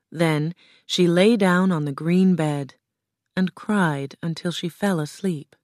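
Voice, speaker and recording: A woman narrating a children's storybook in a calm, clear, measured way. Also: low voice, no room sound, studio quality. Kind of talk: storybook reading.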